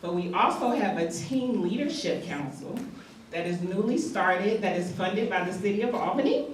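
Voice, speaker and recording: A woman's voice: mid-range voice, animated, normal speed, a little hiss or hum. A woman addresses a community event, encouraging and emphatic. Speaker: community organization speaker. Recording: very echoey hall, distant mic.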